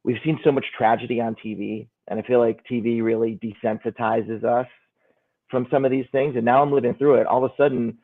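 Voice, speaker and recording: A man's voice: medium pitch, flat delivery, fairly quick. A middle-aged man, a guest calling in from a hotel room, speaking earnestly and reflectively in a casual chat. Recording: tinny phone-like call audio.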